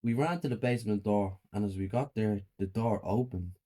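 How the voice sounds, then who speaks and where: A man narrating a short first-person horror story in a plain, quiet way. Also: on the low side, moderate pace.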